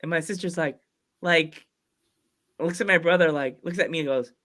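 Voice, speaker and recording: Guy hosting a podcast, kinda high voice, tells long rambly stories and keeps restarting. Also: a bit bright. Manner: rambling storyteller who acts out quoted voices; halting restarts mid-sentence. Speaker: podcast host. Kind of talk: casual podcast interview.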